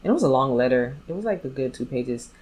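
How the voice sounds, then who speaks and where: A woman's voice: a bass voice, lively intonation, fast talker, a little mellow, rough recording. A woman vlogger telling a personal story in a candid, blunt way, speaking straight to her viewers. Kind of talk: storytime vlog.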